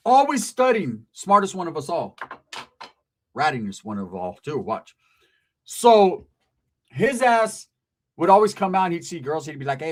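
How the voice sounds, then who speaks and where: A man telling a casual story in slangy, profane speech, acting out the people he quotes. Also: on the high side.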